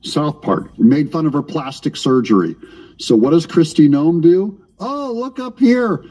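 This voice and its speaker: A man rants through a casual political live-stream, sarcastic and talking straight to his chat. His voice sits a bit high yet sounds mellow and husky. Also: lively intonation, measured pace. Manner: ranting, sarcastic, addresses chat directly.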